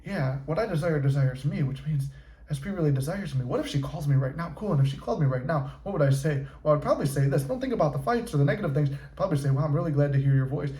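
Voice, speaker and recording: A man coaching on manifestation in a casual, profane, animated monologue. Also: fairly high pitch, fast talker. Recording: echoey room.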